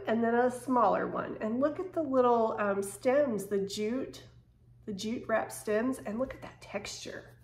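A woman chatting casually to camera as she unboxes home decor, excitable and gushing, with quick bursts of surprise. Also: a little high. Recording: echoey room with faint noise.

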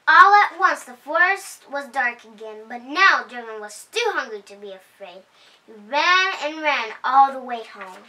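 A woman reads a children's picture book aloud at a slow, careful pace. Her voice is high and bright. She sits a little back from the mic. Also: distant mic, rough recording. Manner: slow, expressive reading with voiced character lines. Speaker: storyteller host.

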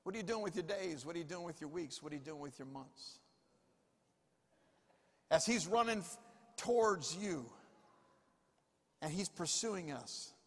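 Guy pastor preaching, high voice, says everything twice, call and response, long church echo. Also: expressive, measured pace, long pauses, a bit bright, breathy edge. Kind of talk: sermon. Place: church sanctuary. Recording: long reverb of a church hall.

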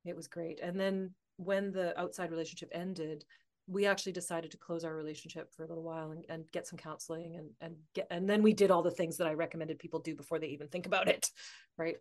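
A woman telling a personal story as a podcast guest, animated and laughing often as she talks. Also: fairly low pitch, fast. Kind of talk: casual conversational storytelling.

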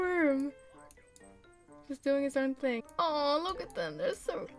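A woman chats her way through a game, her voice sitting a bit high and full of quick excitement. She talks to the pets on screen and gushes at every little moment. Faint game music plays underneath. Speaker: gameplay commentator. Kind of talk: casual let's-play commentary.

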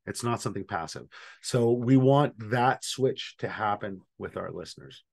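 A man's voice: fairly low pitch, expressive, moderate pace, creaky, a little mellow. A man leading an online training session for facilitators, talking casually and thinking aloud with fillers.

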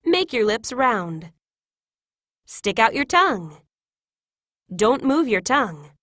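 A woman reading example classroom phrases in a clear, careful, instructive way. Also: fairly high pitch, big pitch swings, takes it slowly, fairly bright tone, no echo, clean studio sound. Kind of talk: scripted reading of example sentences.

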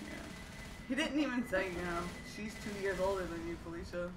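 A woman's voice: mid-range voice, fairly quick. A young woman telling stories casually while playing a game, profane and laughing as she talks. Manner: profane, laughing, animated storyteller. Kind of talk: casual storytelling over gameplay. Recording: roomy, distant, noisy room recording.

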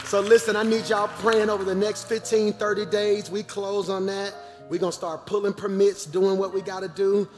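A man, a pastor making lively announcements to his congregation from the pulpit. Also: high voice, moderate pace, long reverb tail, music in the background, a crowd in the background. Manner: animated, calls out to the congregation. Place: large church auditorium.

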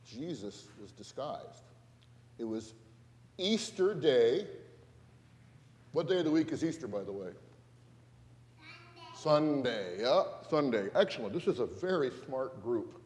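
A man's voice: mid-range voice, big pitch swings, unhurried, pauses often, a little mellow. A man pastor giving a playful, interactive children's sermon, asking the kids questions and getting them moving. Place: large church sanctuary. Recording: echoey church hall.

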